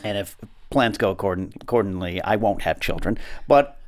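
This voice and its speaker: A man hosting a casual podcast, rambling and joking with many halting restarts. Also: fairly low pitch. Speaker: host.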